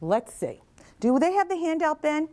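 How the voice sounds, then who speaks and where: A middle-aged woman with a slightly high voice speaks earnestly to a class of nursing students. She asks them questions and repeats their answers back to them. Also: very animated, normal speed, darkish tone. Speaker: mental health advocate speaking to nursing students. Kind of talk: motivational talk to a class. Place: classroom or lecture hall.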